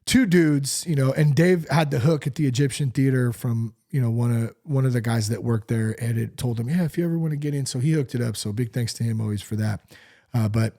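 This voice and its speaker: A man's voice: medium pitch, a little fast, warm tone. A man hosting a casual solo podcast, talking loosely with lots of fillers and some swearing. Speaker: podcast host.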